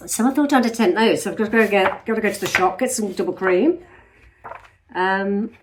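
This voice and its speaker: A woman in her fifties from England, with a light English Midlands accent, rambles through a casual vlog chat, sounding slightly nasal after a night of sneezing. Her mid-range voice is brisk, and she comes across as chatty and self-deprecating. Background noise can be heard.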